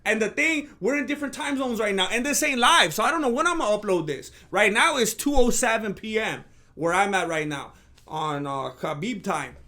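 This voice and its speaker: A man hosting a reaction video, commenting on footage in a slangy, rhetorical way and swinging between low asides and loud outbursts. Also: animated, brisk. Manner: slangy and rhetorical, calls people "fool".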